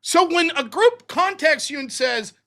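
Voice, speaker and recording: Male American streamer, casual profane monologue, high bright voice. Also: measured pace. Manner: profane, animated storytelling. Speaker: streamer and show host.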